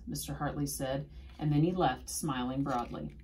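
A woman reading a children's storybook aloud in steady first-person narration. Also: rumbling low, normal speed, low-quality recording.

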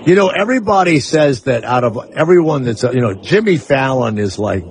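A man's voice: mid-range voice, expressive, fairly quick, slight background noise. A man hosting a talk radio show, telling stories in a brash, casual way and swearing freely. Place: radio studio.

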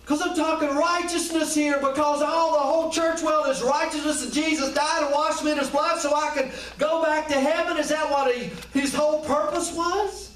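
Man preaching, high voice, colloquial, rhetorical questions, echoey room, far from the mic. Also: steady tone, moderate pace, few pauses, a bit bright. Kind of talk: informal sermon.

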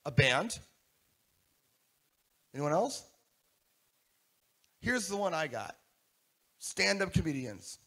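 Male keynote speaker, lively delivery with a gravelly edge, talks to a live room. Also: a little high, takes it slowly, long pauses. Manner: animated, asks the audience questions. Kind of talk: live conference keynote talk. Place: conference room before an audience.

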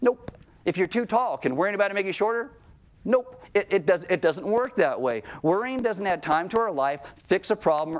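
A man preaching a sermon in a church, talking conversationally and acting out quoted voices with animation. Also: on the high side. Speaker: pastor. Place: church sanctuary.

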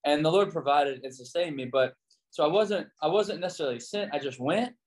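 A man's voice: fairly high pitch, fairly quick. A man, a pastor and former missionary, telling stories casually as an interview guest and acting out the dialogue in them. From United States. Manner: animated storyteller, acts out quoted dialogue in a raised voice.

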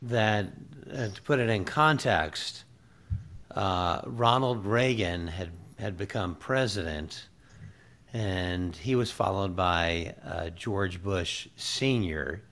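A man hosting an interview, putting his guest's story in context in a measured, thoughtful way. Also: low-pitched, a bit bright. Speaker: interview host.

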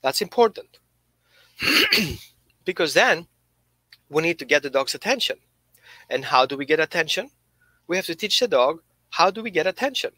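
A man working as a dog trainer who gives an emphatic, explanatory lesson in an animated way. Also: on the high side, normal speed, long pauses, dry recording. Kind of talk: instructional talk.

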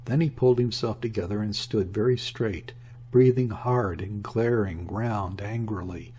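A man narrates a classic novel for an audiobook in a measured, even manner. His voice is low and husky, with a mellow, darker tone.

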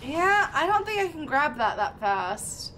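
Young woman game streamer: high, bright, unhurried, rambling chatter to her chat. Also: sing-song, slight background noise. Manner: chatty, thinks aloud, greets chat loudly. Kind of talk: live gameplay chat with viewers.

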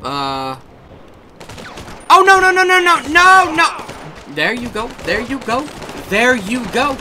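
A man giving excited gameplay commentary, shouting and reacting fast as he plays. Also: very high-pitched, a little hiss or hum. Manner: hyped, shouting at the game, quick reactions. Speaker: gaming YouTuber.

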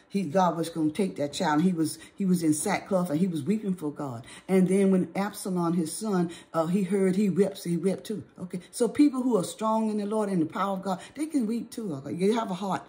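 A woman's voice: on the low side, darkish tone. Exhorting woman Bible teacher. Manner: repeats "okay?" often, exhorting; reads scripture aloud in slower measured pace.

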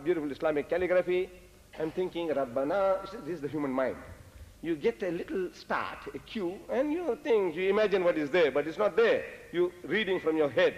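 An older man giving a religious lecture, telling lively, humorous stories and dropping Arabic phrases. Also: a little high, brisk, lo-fi sound. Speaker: Islamic lecturer. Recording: echoey lecture hall.

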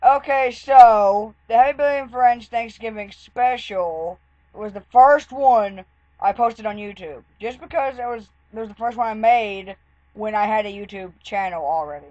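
A woman's voice: a little high, moderate pace, a little mellow, dry recording, highs cut off. A woman vlogger telling a story in a casual, rambling way, with lots of "like". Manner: chatty, rambling, full of "like" fillers.

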